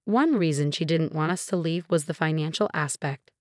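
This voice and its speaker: A woman narrating a first-person family drama story in a scripted, even and measured way. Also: sits low, dry recording, clean studio sound.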